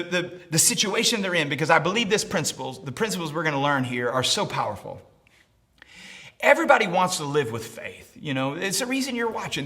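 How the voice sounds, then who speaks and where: A high, bright male pastor delivers an animated sermon, his pitch swinging widely. He repeats lines for emphasis and acts out quotes, climbing into shouts at the peaks. The voice sounds forceful and sharp. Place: church service, also streamed online.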